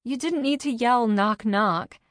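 A loud, excitable young woman, put on by a woman reading an audiobook, her voice pitched high and bright above the reader's own. She blurts out exclamations with a blunt edge. The recording is close and dry, with no room sound. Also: unhurried, no echo, close to an everyday voice. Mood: teasing.

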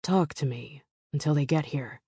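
Woman voicing a gritty, slow, bandaged young man. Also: sits low, warm tone, breathy edge, no room sound, studio quality. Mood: tender. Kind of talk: audiobook narration.

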